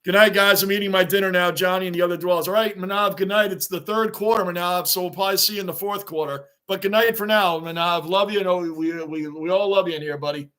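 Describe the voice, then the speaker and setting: A man hosting a live sports reaction stream, excitable and rambling as he answers viewers' chat. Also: sits high, fast talker, few pauses. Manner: excitable, talks back to chat comments, rambling.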